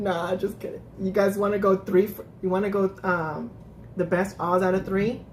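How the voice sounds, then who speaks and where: A woman's voice: lowish voice, steady tone, normal speed, a little mellow, slight background noise. A woman hosting a casual live-stream recap, chatting with viewers, laughing often and restarting her sentences. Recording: echoey room.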